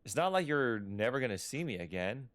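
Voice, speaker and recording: A man's voice: mid-range voice, sing-song, a little fast, a bit bright. A man reading as an impatient young son leaving home. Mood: placating. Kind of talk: reading game dialogue aloud.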